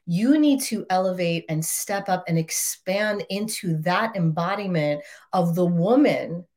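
A woman's voice: lowish voice, measured pace, darkish tone. A woman teaching an online relationship course for wives, talking in an emphatic, casual way, swearing now and then and often tagging "right?" and "like". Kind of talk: motivational online course talk.

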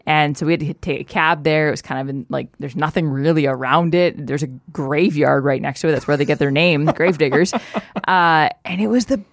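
A woman's voice: low-pitched, fairly quick, no echo. A woman from Canada chatting enthusiastically in casual conversation, with frequent restarts. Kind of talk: casual chat.

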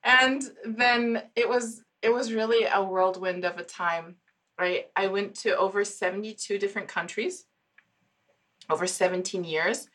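Woman, forties, from Germany, podcast guest, bright tone, lively storyteller. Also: medium pitch, unhurried. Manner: laughs often, animated storyteller. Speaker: podcast guest, psychologist and founder. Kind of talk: casual interview chat.

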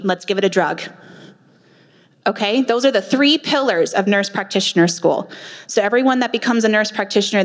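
A woman nurse practitioner giving a passionate faith-based talk at a women's retreat, with emphatic rhetorical questions. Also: on the high side. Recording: long hall reverb.

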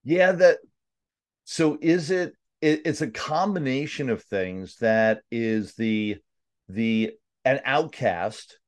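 An earnest man, hosting a podcast interview. He reflects as he speaks and often restarts his sentences, at a mid pitch for a man. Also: slow. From Staten Island, New York. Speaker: podcast host. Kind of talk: conversational interview.

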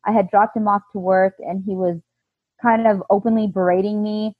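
A woman being interviewed, telling her own story in an earnest, halting way with frequent restarts. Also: medium pitch, fairly even intonation, no echo, narrow, tinny audio. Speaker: interview guest.

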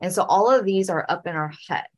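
Animated woman podcast host. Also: on the low side, fairly quick. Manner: animated, repeats phrases. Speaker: podcast host and speaking coach. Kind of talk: podcast storytelling and advice.

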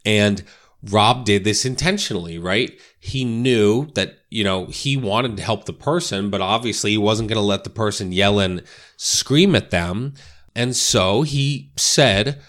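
Low-voiced man coaching, chatty and loose. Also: a little slow, fairly bright tone. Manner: conversational, peppered with "right?" and "you know". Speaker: real estate coach. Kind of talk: casual instructional talk.

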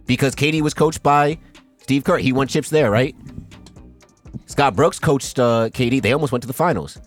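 Over soft background music, a man hosting a sports podcast rants heatedly with plenty of profanity, frequently checking in with "right?". He speaks at a moderate pace in a medium-pitched voice.

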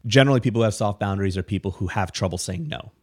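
A man's voice: fairly low pitch, rapid-fire, a little mellow. A man co-hosting a podcast, explaining ideas in a matter-of-fact, casual way. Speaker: podcast co-host. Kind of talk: casual chat.

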